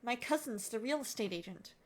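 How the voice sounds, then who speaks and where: A woman voicing a gruff, suspicious middle-aged man who is curt and hostile, reading game dialogue aloud. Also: fairly high pitch, lively intonation, brisk.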